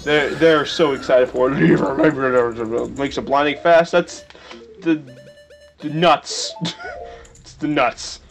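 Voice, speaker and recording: A young man hosting a game playthrough, rambling and joking with sudden excited yelps. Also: mid-range voice, takes it slowly, gravelly. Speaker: let's play host. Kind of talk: casual gameplay commentary. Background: faint video game music.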